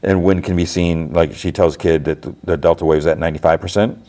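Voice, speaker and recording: Man, low voice, podcast host, casual episode recap, rambling, lots of fillers. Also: steady tone, a little fast, mellow.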